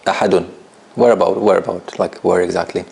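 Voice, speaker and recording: A man with a low, gravelly voice leads a classroom lesson on recitation. He explains step by step in a conversational tone, quizzing his students and asking "right?" as he goes. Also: steady tone, brisk, darkish tone, slight background noise. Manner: conversational, often checks understanding with "right?"; questions students directly. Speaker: Quran recitation teacher.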